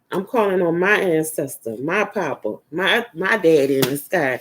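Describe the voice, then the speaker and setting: A woman's voice: lowish voice, lively intonation, normal speed, hardly any pauses, slight background noise. A woman giving a casual spiritual energy reading, talking in a loose, rambling way that drifts into murmurs. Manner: loose, rambling and repetitive, drifting into murmurs while searching a book. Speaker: spiritual reader.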